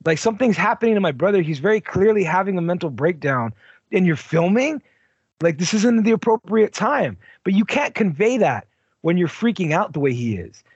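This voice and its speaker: A man chatting about a film as podcast co-host, his voice high for a man and very lively in pitch. He talks bluntly, swearing freely and leaning on "like." The sound is slightly dull and lo-fi, with a husky edge. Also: moderate pace, no echo. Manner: blunt, profane, heavy use of "like". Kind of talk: casual movie discussion.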